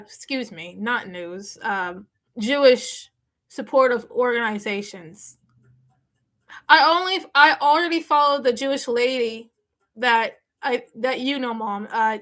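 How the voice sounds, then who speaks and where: A woman chatting casually on a live stream, answering viewer comments in a halting way full of restarts and fillers. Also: high voice, bright, forceful tone.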